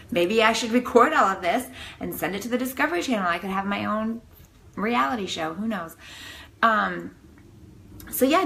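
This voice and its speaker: A woman vlogging to her viewers, telling a story in a dramatic, animated way full of "like". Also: fairly high pitch, poor audio. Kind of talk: casual storytelling to camera.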